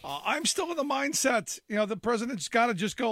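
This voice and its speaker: Lively high-pitched male radio host. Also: fairly quick. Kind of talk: radio segment narration and talk.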